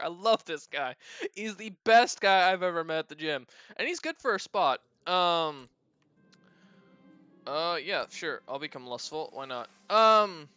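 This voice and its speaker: A man's voice: high voice, sharp tone, clean tone, no room sound, muffled recording. A man streamer telling a casual story, rambling and profane, often breaking into laughter.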